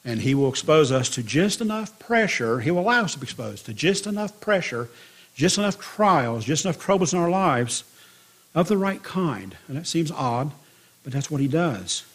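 A man preaching a sermon to his congregation, telling a parable in a lively storytelling manner. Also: slightly rough. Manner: storytelling with lively swings in pitch and loudness.

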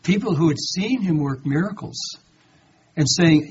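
A man's voice: a little high, unhurried. A man giving a conversational Bible study sermon, reading verses aloud and then commenting with rhetorical questions, and acting out the quoted lines. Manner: dramatizes quoted lines in a lively voice. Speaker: Bible teacher. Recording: dull lo-fi recording with faint background noise.

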